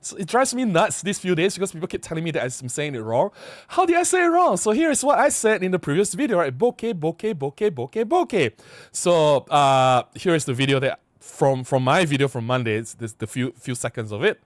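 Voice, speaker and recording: Guy rambling at his camera, pitch jumping all over, dry close sound. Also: a little fast, hardly any pauses, no echo. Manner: rambling, repeats words, animated. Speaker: camera vlogger. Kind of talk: casual talk to camera.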